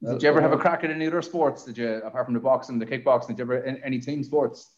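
An Irish man hosts a sports podcast over an online call, talking at a rapid clip in a relaxed, teasing way. He laughs easily and ribs his guests. The sound is slightly muffled and lo-fi. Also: mid-range voice. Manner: jokey, teasing, laughs often. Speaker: podcast host. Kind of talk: casual sports podcast chat. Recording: muffled lo-fi audio.

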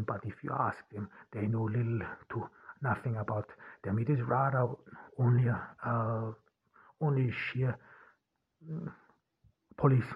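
A man hosting a podcast, talking in a halting way with many restarts and fillers. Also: medium pitch, slightly rough. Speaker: podcast host. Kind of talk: casual monologue. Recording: dull lo-fi audio.

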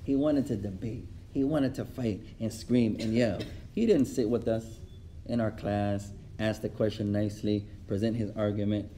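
A man plays a gentle elderly scholar, speaking low and softly in a calm, measured way. His tone is mellow and unhurried, never raised. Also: slight background noise, natural voice.

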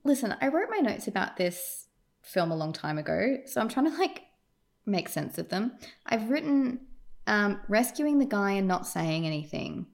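Sarcastic woman with lively pitch. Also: moderate pace, creaky. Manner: sarcastic, exasperated, emphatic. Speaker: podcast co-host. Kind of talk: casual film review chat.

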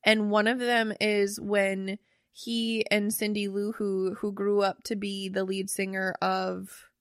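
A woman's voice: mid-range voice, level tone, takes it slowly, dry recording, studio quality. A young woman co-hosting a podcast in casual chat, chatty and casual, swearing freely.

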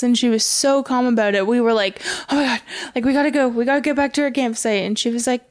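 A woman's voice: a little high, quick pace, few pauses. A woman talking as a podcast guest, retelling a story in casual chat and quoting what people said. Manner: chatty, quotes others in run-on retelling.

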